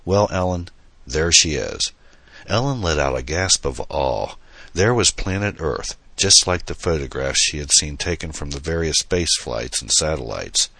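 A man reading a science fiction novel aloud in an even, measured storytelling voice. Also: very deep voice, no echo. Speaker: audiobook narrator. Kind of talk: scripted narration.

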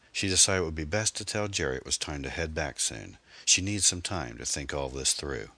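A man narrating a novel in a measured, steady storytelling manner. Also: a bass voice, dry recording. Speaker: audiobook narrator.

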